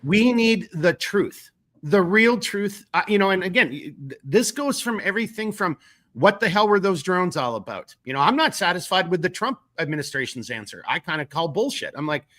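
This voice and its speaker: A man's voice: high-pitched, very animated, normal speed, pushed and bright. A man with a Minnesotan accent hosting a casual political podcast, rambling with many restarts and casual swearing. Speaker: podcast host.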